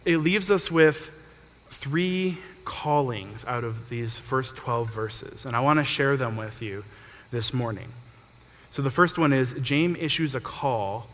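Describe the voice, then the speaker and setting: Young guy preaching a sermon, mid pitch, chatty, echoey church hall. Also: a bit bright. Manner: conversational, uses everyday examples. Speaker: pastor. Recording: reverberant hall.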